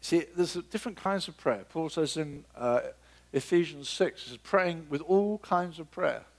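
Guy preaching, fairly high voice, acts out the bible bits, jumps up high then drops to a hush. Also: unhurried. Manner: animated, acts out biblical dialogue with sudden pitch leaps; drops to a soft, low murmur for emphasis. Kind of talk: sermon.

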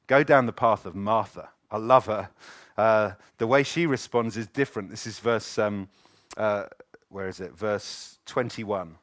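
A middle-aged man preaching a lively sermon in a church, often acting out the voices of the people he quotes. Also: on the low side, unhurried, no echo, studio quality. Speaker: pastor.

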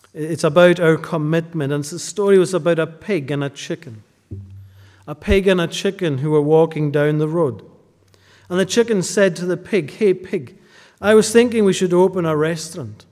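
A man delivers a sermon at an unhurried pace, his voice sitting somewhat high. He stretches out important words and lets the ends of lines sink to a hush. Long reverb from the church hall trails behind each phrase. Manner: slow, deliberate preaching, drawing out key phrases and dropping to a hush at ends. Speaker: pastor.

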